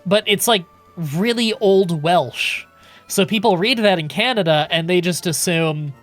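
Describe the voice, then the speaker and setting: A man streaming a game live, chatting in a relaxed, casual way with some swearing as he answers chat questions. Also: high-pitched, a little slow, faint music behind.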